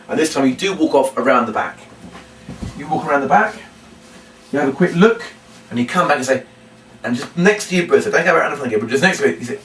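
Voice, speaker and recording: A man teaches a children's puppet routine. He hesitates with many ums and breaks into loud, high calls to demonstrate. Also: animated, quick pace. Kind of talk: instructional demonstration. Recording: roomy, distant mic, faint room noise.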